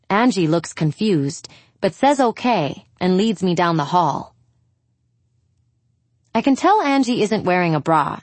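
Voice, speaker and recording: Slow, expressive woman narrator. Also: fairly low pitch, no echo. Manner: slow, measured storytelling with lively intonation. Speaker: audiobook narrator. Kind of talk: first-person novel narration.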